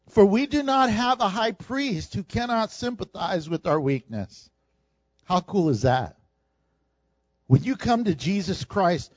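A man preaching a sermon, animated and humorous, acting out the people in his story. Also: a little high, dry recording, highs cut off. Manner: animated preaching, acts out quoted voices with humor. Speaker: pastor.

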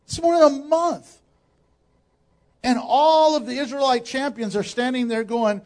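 A man preaching a sermon as pastor, animated and joking, acting out quotes as he goes. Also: very high voice, measured pace, pauses often.

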